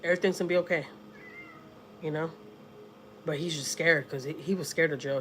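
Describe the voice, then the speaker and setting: A woman's voice: deep voice, steady tone, a little fast, slight background noise. A woman from Houston with a Southern accent, chatting casually on a home livestream, blunt and salty, and talking to her cat now and then. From Houston, Texas. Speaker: vlogger. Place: home, indoors.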